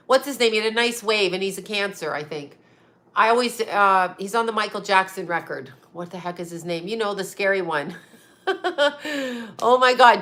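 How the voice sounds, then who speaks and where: Bright-voiced woman ranting on a livestream. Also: mid-range voice. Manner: rambling, blunt, swearing, laughing often. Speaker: psychic livestream host. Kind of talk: casual live chat reading viewer comments.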